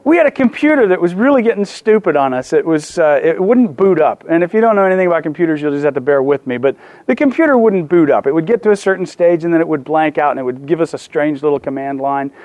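A middle-aged pastor delivers a sermon in a high, light voice, recorded dry and close. He drifts into a personal anecdote with self-deprecating humor, often restarting his phrases. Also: lively intonation, quick pace, darkish tone, no room sound.

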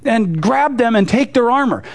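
A man's voice: very high voice, lively intonation, moderate pace, pitched above the performer's own voice. A man voicing a weary middle-aged warrior who pleads urgently with a pursuer, in a retold Bible story. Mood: pleading.

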